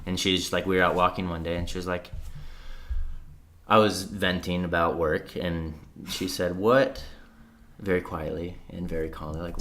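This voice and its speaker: A man's voice: sits low, steady tone, moderate pace, a bit bright, slight background noise. A man in his thirties, a podcast guest, talking earnestly and reflectively, with frequent "like" and casual swearing. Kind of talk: candid conversation.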